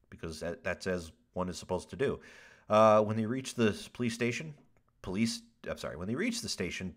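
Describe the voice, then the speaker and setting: Animated joking male podcast host. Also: medium pitch. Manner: animated, laughs often, swears, ad-libs jokes. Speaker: podcast host reading news stories. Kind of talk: casual comedic news reading.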